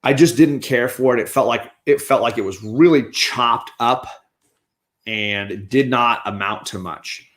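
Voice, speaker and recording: A man hosts a casual review show as a comic and movie reviewer, speaking unhurriedly in a medium-pitched, slightly bright voice. He chats through his opinionated takes on films, often restarting as he goes.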